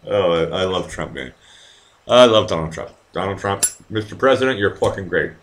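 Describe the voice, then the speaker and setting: Casual live-stream host, male, lowish voice, swings up and down a lot as he rambles, swears freely. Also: expressive, moderate pace. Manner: rambling, profane, talks to the chat. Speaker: host of a live online show.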